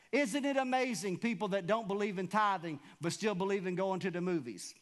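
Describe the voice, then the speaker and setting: A man preaching in a church sanctuary, his voice sitting noticeably high for a man. He drives his points home with repetition and rhetorical questions to the congregation. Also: fairly quick, few pauses. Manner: emphatic preaching with call-and-response questions. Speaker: pastor. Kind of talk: sermon.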